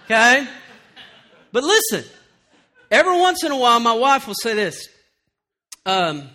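A middle-aged man preaching with a high, bright, forceful voice. He tells lively stories and acts out the lines of others, then sinks into quiet, earnest emphasis. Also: measured pace, pauses often. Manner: animated storytelling, acts out quotes, then drops to quiet earnest tones. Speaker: pastor. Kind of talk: sermon.

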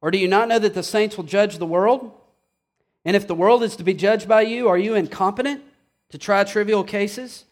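A man preaching a sermon with passion, swinging from hushed asides to loud outbursts. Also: high-pitched, moderate pace. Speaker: pastor.

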